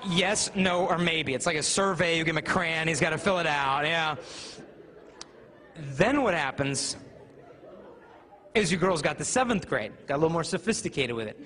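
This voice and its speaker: A man's voice: fairly high pitch, bright, forceful tone. A man giving a live talk to students, telling humorous stories and acting out voices. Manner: humorous storytelling, acts out voices. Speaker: youth speaker. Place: large hall with audience. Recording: reverberant hall, faint ambient noise.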